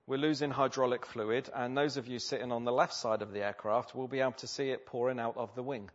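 A man voicing a calm male airline pilot making formal cabin announcements, on a slightly dull lo-fi recording. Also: mid-range voice, fast, natural voice. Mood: calm announcing.

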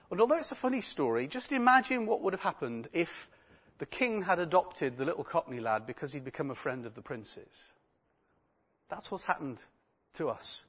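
Man preaching, raised pitch, muffled sound. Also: husky. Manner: earnest storytelling with asides. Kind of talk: sermon with scripture reading. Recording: dull lo-fi recording.

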